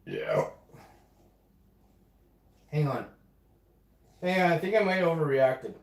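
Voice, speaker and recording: A man's voice: fairly high pitch, wildly swooping pitch, slow, creaky. A man live streaming from his home kitchen, swearing heavily in an indignant casual rant. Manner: profane, ranting, indignant. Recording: roomy echoey room sound.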